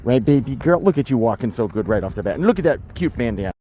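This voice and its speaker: Dog trainer cooing and explaining outdoors. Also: male voice, fast talker, slight background noise. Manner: switches between calm explaining and high baby talk to the dog. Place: outdoors in a state forest.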